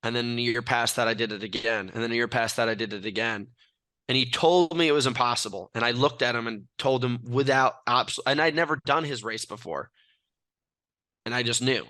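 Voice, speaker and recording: A young man from California talks with brash self-assurance, spinning stories in a casual interview. His voice is bright, crisp and dry. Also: mid-range voice, a little fast, no echo. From California, USA. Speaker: athlete guest.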